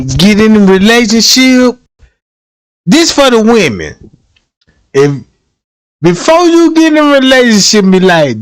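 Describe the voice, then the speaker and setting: High-voiced man, unhurried, laughing storyteller. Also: dry recording. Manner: laughs often, acts out quoted dialogue in slangy talk. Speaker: livestream host. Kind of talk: casual livestream storytelling.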